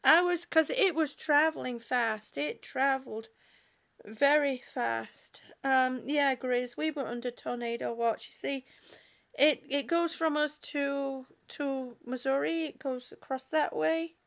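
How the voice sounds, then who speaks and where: A woman's voice: high-pitched, takes it slowly, creaky, fairly bright tone. A woman at home chatting on a livestream, reading viewer comments aloud and laughing often. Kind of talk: casual livestream chat. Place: at home indoors.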